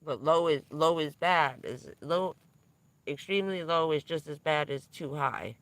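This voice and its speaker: A woman's voice: deep voice, a little slow, a bit bright, dry recording. A middle-aged woman telling a candid, profane story on a livestream, laughing now and then through hard news. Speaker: vlogger.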